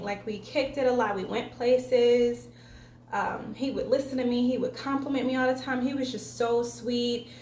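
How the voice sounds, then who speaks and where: Animated, profane young woman vlogger. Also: on the high side, slight background noise. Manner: profane, animated retelling with acted-out quotes. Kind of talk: casual storytelling vlog. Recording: echoey room, faint ambience.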